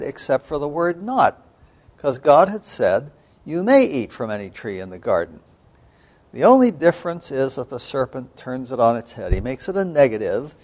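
Measured male Bible lecturer. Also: a little high, darkish tone. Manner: measured, thoughtful, frequent uh fillers, clears throat. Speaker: seminary professor. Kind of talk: biblical studies lecture.

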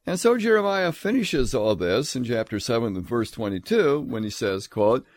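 A man giving a scripture lecture, emphatic, reading verses aloud in a measured, solemn tone. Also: medium pitch, very animated, no echo. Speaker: Bible teacher.

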